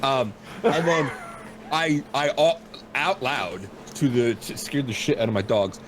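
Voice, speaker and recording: A man's voice: mid-range voice, measured pace. Rambling self-mocking man, noisy home mic. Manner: rambling self-deprecating storyteller, animated. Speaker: podcast host. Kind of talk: casual chat.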